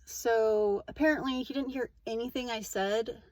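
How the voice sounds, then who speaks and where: A woman's voice: on the high side, moderate pace, dry recording. Candid rambling woman, dry sound. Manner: rambling and candid, heavy use of "like". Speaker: vlogger. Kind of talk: casual confessional monologue.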